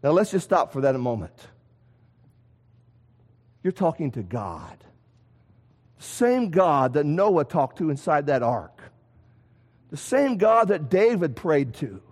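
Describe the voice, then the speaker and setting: A man preaching a sermon in a church, animated, asking rhetorical questions and swinging between loud and soft. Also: fairly high pitch, slow pace, pauses often. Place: church sanctuary. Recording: long hall reverb.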